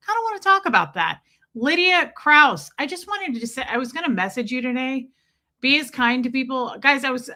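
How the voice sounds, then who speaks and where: A woman's voice: mid-range voice, sharp tone. A middle-aged woman hosting a casual livestream, greeting viewers by name in a chatty, affectionate way, calling them babe and girl and poking fun at herself. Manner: self-deprecating, laughs often, bits of mild swearing. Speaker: livestream host.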